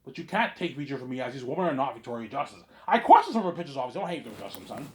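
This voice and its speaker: Boastful rambling man with a lively swinging voice. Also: medium pitch, very fast, slight background noise. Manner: rambling and repetitive, tags lines with "obviously"; boastful, swinging between loud claims and mumbled asides. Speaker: vlogger. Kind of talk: rambling monologue to camera.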